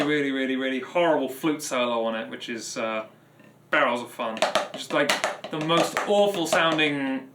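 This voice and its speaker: Loud drumming fills the echoey room behind this man as he chats live to his stream audience, rambling and restarting often. He's a drummer with a slightly high voice, and the sound is very noisy.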